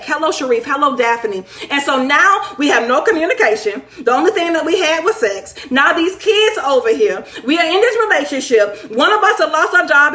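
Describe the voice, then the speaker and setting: This livestream talk show host has a high voice and keeps things casual, chatting away and reading comments out loud. Playful and bubbly, she teases viewers and laughs often. Her recording sounds echoey, like an empty room.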